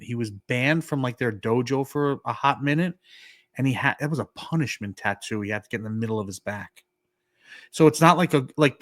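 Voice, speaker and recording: A man's voice: mid-range voice, no echo, clean studio sound. A man, co-hosting a podcast and telling a story casually, acting out the dialogue and using lots of "like". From New York. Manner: animated, acts out quoted dialogue, many "like" fillers. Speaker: podcast co-host.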